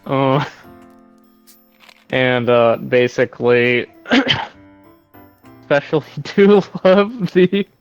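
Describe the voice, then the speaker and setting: A man's voice: medium pitch, extremely slow, pauses often, smooth, no room sound, lo-fi sound, faint music behind. A man chatting casually about his tabletop game character, hesitant and full of ums, laughing at himself. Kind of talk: casual chat after a game session.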